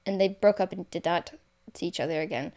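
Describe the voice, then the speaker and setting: A woman's voice: on the low side, quick pace, dark tone. Rambling young woman telling a story. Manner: rambling, many fillers and self-corrections. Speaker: guest author. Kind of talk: casual storytelling.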